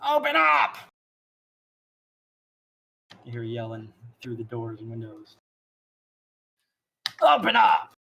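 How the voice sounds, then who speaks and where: A man voicing rough bandits yelling and banging on a shop door. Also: fairly low pitch, monotone, moderate pace, slight background noise, lightly acted. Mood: aggressive. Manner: yelling, pounding. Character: rowdy male bandits shouting outside a door.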